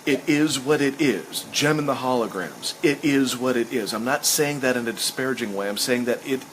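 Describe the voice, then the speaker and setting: A man's voice: mid-range voice, moderate pace, a little hiss or hum, rough recording. A man hosting a casual chat, rambling with enthusiasm and acting out lines he quotes. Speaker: host. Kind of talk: casual chat while sketching.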